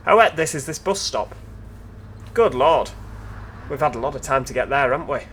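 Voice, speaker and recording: A man's voice: medium pitch, animated, moderate pace, a bit bright, slight background noise. A man giving casual, chatty commentary over gameplay, with joking asides to his viewers. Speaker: video game commentator.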